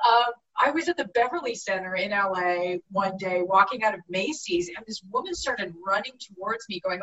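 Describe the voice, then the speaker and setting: A woman actress telling lively stories in a casual interview, laughing often. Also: a little high, brisk, few pauses, far from the mic, muffled recording. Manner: animated anecdotes with frequent laughter. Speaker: actress guest.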